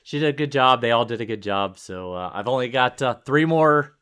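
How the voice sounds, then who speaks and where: A man co-hosting a podcast in casual chat, relaxed and quick to laugh, with lots of fillers. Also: medium pitch, clean tone. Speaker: podcast co-host.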